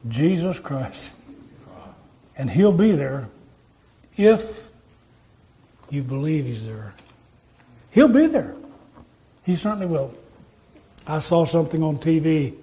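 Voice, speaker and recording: A man's voice: sits high, dark tone. A man preaching a sermon in a folksy, storytelling way, asking his listeners rhetorical questions.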